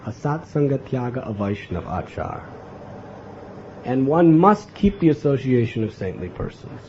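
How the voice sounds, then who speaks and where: This American spiritual teacher lectures on devotional themes with real earnestness, regularly turning to listeners with a quizzical "huh?". He speaks at a medium pitch that swings widely, a bit slowly and with a somewhat mellow quality. A faint hiss or hum runs under the dull, lo-fi capture, along with light room ambience.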